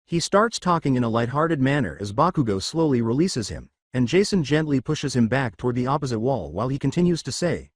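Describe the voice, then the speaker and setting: A man narrating fan fiction in a steady, scripted storytelling manner. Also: mid-range voice, a little fast, few pauses, no room sound, studio quality.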